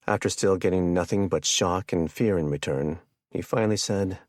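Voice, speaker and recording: A man narrating an audiobook in a steady, measured way. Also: sits low, dry recording, clean studio sound. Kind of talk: scripted narration.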